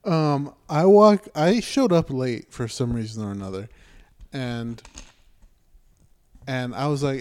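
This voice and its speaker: A man co-hosting a podcast chats casually, swearing freely and acting out what people said in his stories, growing animated when he quotes them. His voice is medium-pitched and unhurried, with long pauses.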